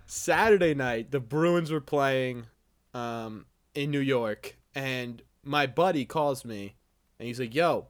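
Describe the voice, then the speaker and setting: A man's voice: mid-range voice, takes it slowly. A young man hosting a podcast, telling a rambling, profane drinking story in casual chat. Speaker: podcast host.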